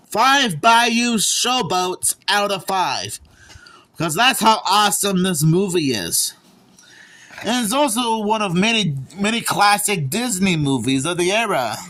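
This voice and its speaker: A man giving a casual spoken movie review, halting and often repeating and restarting his words. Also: sits high, sharp tone.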